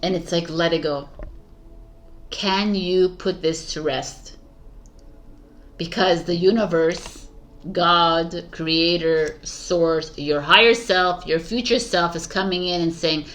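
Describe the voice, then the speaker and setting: A woman's voice: on the low side, steady tone, slow. A woman giving a casual, rambling tarot reading straight to her viewers, enthusiastic and full of restarts. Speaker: tarot reader.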